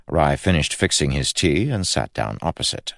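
A man narrating a fantasy novel as an audiobook, measured and expressive. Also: very deep voice, creaky, no room sound, clean studio sound. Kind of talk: scripted narration.

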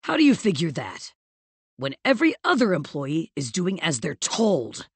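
A woman's voice: fairly low pitch, huge pitch swings, moderate pace, creaky, breathy edge, dry recording, heavily acted. A woman voicing a stern male villain boss who is harsh and demanding, in an audiobook reading. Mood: angry demanding.

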